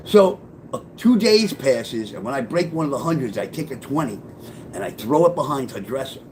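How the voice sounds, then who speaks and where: A middle-aged man with a mid-range voice casually tells a profane personal story at a moderate pace, animatedly acting out what people said in their voices. It's spoken memoir-style storytelling on a rough recording with slight background noise.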